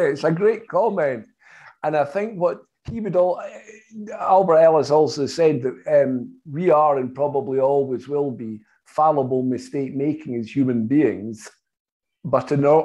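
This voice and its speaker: British man telling a measured anecdote. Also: fairly high pitch, warm tone. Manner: measured, anecdotal, acts out quoted dialogue. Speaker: hypno-psychotherapist guest. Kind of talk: interview, storytelling.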